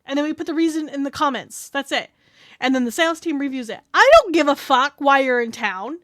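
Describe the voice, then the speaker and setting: Woman streamer, high voice, rambling casual chat full of fillers and swearing, dry close mic. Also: a little fast, fairly bright tone, no room sound.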